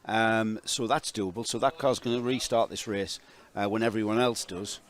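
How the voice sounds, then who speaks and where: A man leading live race commentary, steady and explanatory as he describes the action. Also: fairly low pitch, moderate pace.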